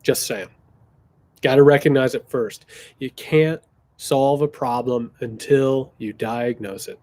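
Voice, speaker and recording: A man's voice: mid-range voice, takes it slowly, warm tone. A man hosting a political Q&A stream, talking bluntly and passionately, swearing and repeating phrases for emphasis. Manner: mocking voices when quoting others. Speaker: political commentator hosting a viewer Q&A. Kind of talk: casual livestream commentary.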